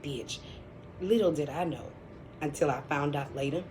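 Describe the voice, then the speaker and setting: A woman's voice: sits low, moderate pace, darkish tone, slight background noise. Blunt, profane woman telling a story. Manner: blunt, profane and chatty, with dramatic asides. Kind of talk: casual storytime vlog.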